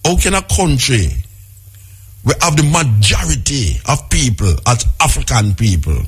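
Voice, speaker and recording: A man's voice: mid-range voice, slightly rough. A middle-aged man with a Jamaican accent, delivering an impassioned radio talk monologue as host, firing off repeated rhetorical questions and lists.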